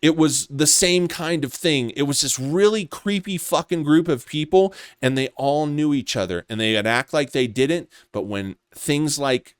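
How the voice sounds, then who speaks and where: A man's voice: fairly high pitch, moderate pace, few pauses, smooth, no echo, studio quality. A man delivering a contemptuous, accusatory commentary rant, swearing as he goes. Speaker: commentary vlogger. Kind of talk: ranting commentary.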